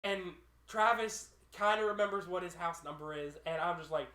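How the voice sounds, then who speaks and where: Podcast co-host, male, high and sharp-toned, animated raconteur, echoey room. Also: moderate pace, hardly any pauses. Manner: animated storyteller who acts out his friends' lines. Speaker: podcast co-host telling a story. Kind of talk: casual group chat. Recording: roomy room echo.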